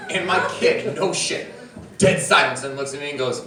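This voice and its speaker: Chatty high-voiced male stand-up comic. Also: big pitch swings, slow pace, very noisy. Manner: rambling storytelling with chuckles and impressions. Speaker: stand-up comedian. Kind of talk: stand-up routine. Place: comedy club stage. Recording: roomy club sound from a distance, loud crowd. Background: audience laughter.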